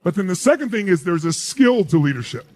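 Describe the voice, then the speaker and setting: A man delivering a motivational speech to a live crowd, his fairly high voice leaping up and down in pitch. He hammers his points home and keeps firing rhetorical questions at the listeners. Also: very animated, fairly quick, a little mellow. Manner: emphatic, asks the audience rhetorical questions. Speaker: motivational speaker.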